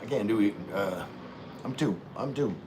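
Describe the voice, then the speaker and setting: A man's voice: on the low side, lively intonation, normal speed, background noise. Laid-back man chatting while eating. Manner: laid-back, rambling, talks with mouth full; folksy, calls himself country. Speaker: vlogger hosting a live stream. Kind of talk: casual livestream chat while eating.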